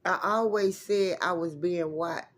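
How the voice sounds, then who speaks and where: Speaking a little slowly in a fairly low voice, this vlogger rambles emphatically through a story for her audience. She keeps it casual, swears without restraint, and calls out to viewers as y'all.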